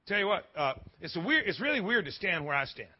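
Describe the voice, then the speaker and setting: A man preaches in a church with a husky edge to his voice, his pitch swinging widely as he jokes and stumbles through quick restarts. The live sermon audio sounds dull and lo-fi. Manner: animated, joking preacher with stammering restarts. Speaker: pastor. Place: church sanctuary.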